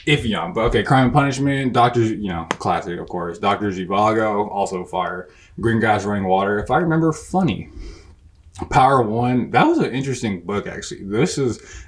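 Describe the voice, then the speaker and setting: A young man hosting a casual bookshelf tour, talking in slangy, profane, rambling bursts that often break off mid-sentence. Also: fairly low pitch. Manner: rambling, self-interrupting. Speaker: book reviewer host.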